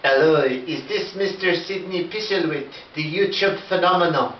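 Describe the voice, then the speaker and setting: An Irish man voicing a slow, pompous male fashion-house caller who draws out every ingratiating word. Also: fairly high pitch, a little hiss or hum, lightly acted. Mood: fawning. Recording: roomy, distant, dull home recording.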